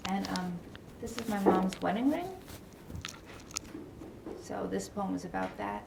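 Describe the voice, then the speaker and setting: Middle-aged woman, author reading poetry, measured rhythmic delivery, roomy echoing library, faint background hiss. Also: mid-range voice, creaky, a little mellow. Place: indoor public library room. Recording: roomy echo, voice from a distance.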